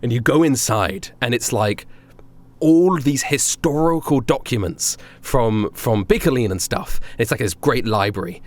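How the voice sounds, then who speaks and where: Young man, podcast co-host, casual storytelling, very lively pitch, laughs often, mid voice. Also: a little slow. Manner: animated, laughs often, filler-heavy. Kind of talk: casual anecdote telling.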